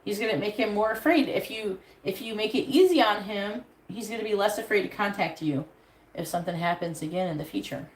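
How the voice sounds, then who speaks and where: A woman's voice: mid-range voice, fairly quick. A woman giving a live tarot reading, handing out blunt advice with plenty of swearing. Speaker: tarot reader. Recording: echoey room with faint background noise.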